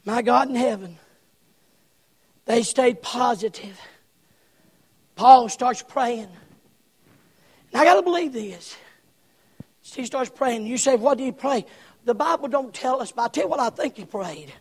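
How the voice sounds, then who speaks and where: A man preaching a sermon in a folksy manner, moving from low, slow talk to loud shouting. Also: expressive, breathy edge. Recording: long hall reverb.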